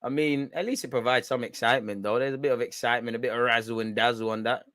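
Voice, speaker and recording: A young man with a London accent, chatting casually on a football watch-along stream in heavy slang, swinging between loud hype and low mutters. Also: steady tone, quick pace. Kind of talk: casual live-stream chat.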